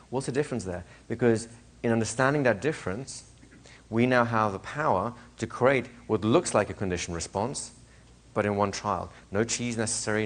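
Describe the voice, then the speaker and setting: Man teaching a live class. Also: on the low side. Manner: animated, asks the room questions, acts out little scenes. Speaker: hypnosis trainer. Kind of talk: classroom lecture to a live group.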